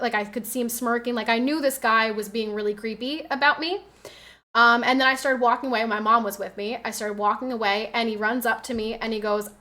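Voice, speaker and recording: A woman's voice: fairly high pitch, sharp tone. A woman streaming from home, chatting casually and telling stories in a rambling way, with lots of fillers and the odd swear word. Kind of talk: casual livestream chat.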